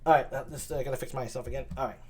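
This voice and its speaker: A man's voice: medium pitch, steady tone, rapid-fire, a little mellow. A man reading a play aloud on a live stream, chatty, self-deprecating and full of hesitations.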